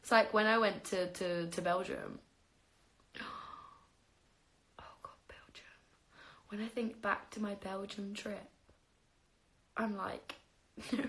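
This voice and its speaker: A young woman talks casually to her viewers on a phone livestream, spinning stories about her own life. She laughs often and swears freely. Her voice sits at a middle pitch with a gravelly, creaky texture. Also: very animated, a little slow, a bit bright.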